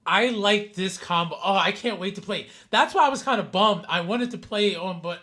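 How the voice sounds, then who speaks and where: A man with a notably high-pitched voice gives relaxed live-stream commentary while he plays. He talks loosely to his chat, greets viewers by name and drops casual swears. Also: normal speed. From New York City. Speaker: game streamer.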